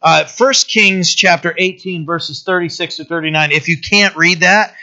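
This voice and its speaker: Bright-voiced man preaching a casual sermon. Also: high-pitched, moderate pace. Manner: restarts often, tags lines with "right?". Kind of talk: conversational sermon. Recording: dull lo-fi recording.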